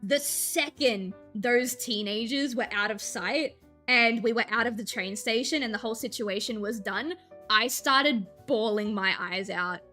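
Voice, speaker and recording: A woman's voice: a little high, a little slow, bright, forceful tone, faint music behind. A woman in her twenties, a streamer, casually telling a story while drawing, laughing often and slipping into quoted voices.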